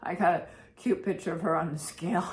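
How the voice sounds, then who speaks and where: Her voice is lowish and darkish, her tone steady, and she talks a little fast. The pet-owning vlogger rambles and repeats herself with anxious emotion in a casual home vlog recorded in a roomy space with faint background noise.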